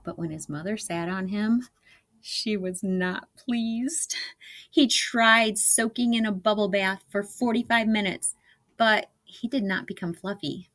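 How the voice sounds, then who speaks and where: Expressive woman reading a children's story. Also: mid-range voice, a little slow. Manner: expressive, warm, laughing along. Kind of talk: storybook read-aloud for children.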